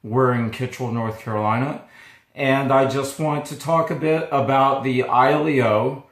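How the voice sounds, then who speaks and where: Man, mid-pitched voice, not fully recovered, halting and easygoing, echoey room, camera mic. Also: steady tone. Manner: halting and easygoing, pausing often. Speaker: coffee roaster owner. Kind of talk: casual explainer to camera.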